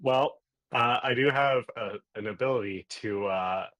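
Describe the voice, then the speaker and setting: A man playing a tabletop game, talking in a halting, sheepish way. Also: medium pitch, fairly bright tone, no echo. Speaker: player. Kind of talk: casual game chat.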